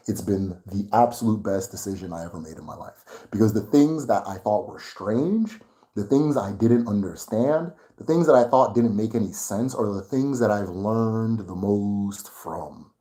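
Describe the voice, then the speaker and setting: A man's voice: on the low side, normal speed, warm tone. A man hosting his own channel, talking casually and getting worked up, laughing often as he rants to viewers. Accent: Nigerian English. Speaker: channel host. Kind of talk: casual livestream chat.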